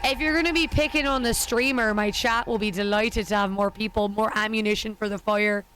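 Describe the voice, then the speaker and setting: A woman's voice: medium pitch, steady tone, brisk, fairly bright tone. A woman streaming a game, chatting casually with self-deprecating jokes. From United States. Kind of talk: casual live-stream chat.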